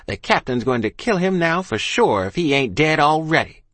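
A man voicing a frightened countrywoman who speaks in rough country dialect. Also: medium pitch, lively intonation, fairly quick, sharp tone, no echo. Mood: alarmed. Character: agitated woman neighbor, fearful.

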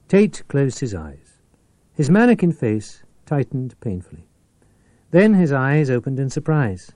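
A man reading an audiobook in an expressive, dramatic style. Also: mid-range voice, unhurried, dry recording. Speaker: audiobook narrator. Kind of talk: scripted narration.

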